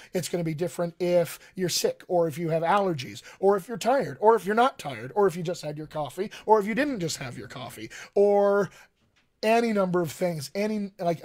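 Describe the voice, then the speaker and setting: Seated at a home studio desk, a man who works as a dialect coach streams an informal voice lesson. He pitches high with a darkish color, speaks to viewers head-on in a conversational way, and peppers it with ums.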